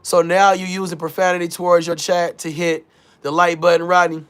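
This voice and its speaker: A man's voice: high voice, little pitch movement, fairly quick, smooth. A man hosting a casual livestream, talking loosely in slang, hyping his chat and reading their messages aloud. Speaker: livestream host.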